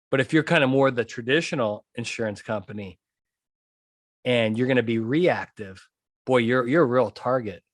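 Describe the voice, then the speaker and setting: A man hosting a litigation psychology podcast, ranting in a lively, animated way and laughing often. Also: medium pitch, no echo, studio quality. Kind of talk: solo podcast rant.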